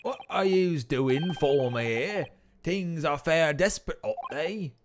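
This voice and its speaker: A man's voice: a little high, a little slow, background noise, close to an everyday voice. A man voicing a boastful defendant in a game, with a put-on Irish-style brogue and a chummy, grandiose manner. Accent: put-on Irish-style brogue, admittedly bad. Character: boastful man in the dock, showering strangers with money. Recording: game music behind.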